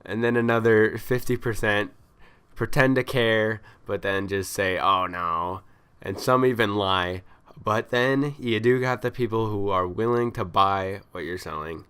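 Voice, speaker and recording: A man with a somewhat low voice tells stories in a loose, ranting vlog style. He sounds exasperated and complaining, dropping into quick quoted lines as he acts out the people he met. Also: fairly bright tone, clear, resonant tone. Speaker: vlogger. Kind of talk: casual storytelling rant.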